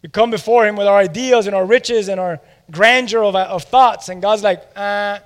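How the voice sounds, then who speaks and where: A man in his forties preaching a sermon, retelling a story with animated asides to the congregation. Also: high voice, moderate pace, in a large hall. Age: 40s. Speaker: pastor.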